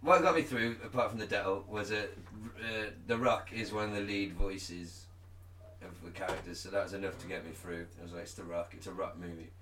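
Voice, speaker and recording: A man's voice: deep voice, fairly quick, sharp tone, distant mic. A man rambling through a podcast chat, often laughing at himself. His voice sits off the mic in a roomy space, with noticeable background noise under it. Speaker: podcast co-host. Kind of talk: casual chat.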